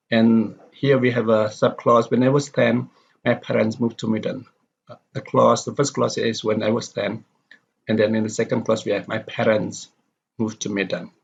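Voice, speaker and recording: A man's voice: medium pitch, gravelly, husky. A man teaching a pronunciation lecture from slides, steadily reading example sentences aloud and repeating them. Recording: dull lo-fi recording.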